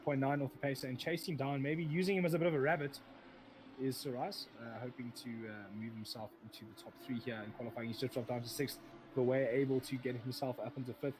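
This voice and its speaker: A man's voice: medium pitch, fairly even intonation, quick pace. Man, sim racing commentator, live commentary, rambling, self-correcting, engine noise behind.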